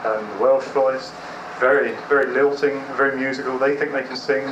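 A man's voice: mid-range voice, little pitch movement, moderate pace, dull audio. Wry Englishman in a roomy room. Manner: wry, joking. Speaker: guest. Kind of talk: interview answers. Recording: distant roomy mic with noise.

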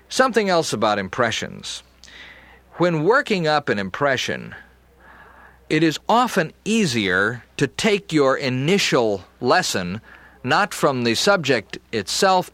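Guy teaching impressions, calm measured talk, dry close sound. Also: mid-range voice, dry recording. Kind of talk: instructional talk.

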